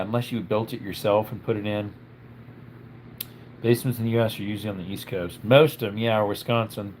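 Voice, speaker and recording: A man's voice: mid-range voice, a little hiss or hum. A man, a little under the weather with a tickle in his throat, hosting a casual live stream and chatting through viewer comments.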